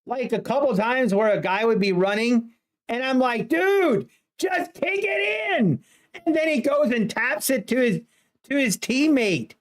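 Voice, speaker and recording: A woman streamer chatting casually to her viewers, ranting in mock exasperation. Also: on the high side. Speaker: livestreamer. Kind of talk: casual livestream chat.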